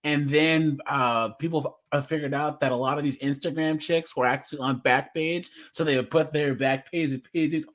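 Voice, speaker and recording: A man's voice: on the high side, steady tone, normal speed, hardly any pauses, fairly bright tone. A young man from the West Coast, chatting casually on a livestream, laughing and reading chat comments aloud. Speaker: streamer reacting to videos and chat.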